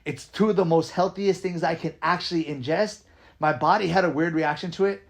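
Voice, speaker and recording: A man talking casually as a podcast host and dance coach, energetic and emphatic, often asking "right?" and swearing now and then. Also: fairly high pitch, a little fast, creaky. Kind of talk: casual conversation.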